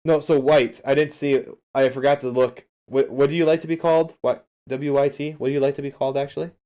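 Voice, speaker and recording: A man breaks down a game replay live on stream in an easy, chatty way. He keeps turning to his viewers, answering their messages and cheering them on as he explains what went wrong. His voice sits at an ordinary middle pitch for a man. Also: little pitch movement, brisk, mellow. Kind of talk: casual livestream replay analysis.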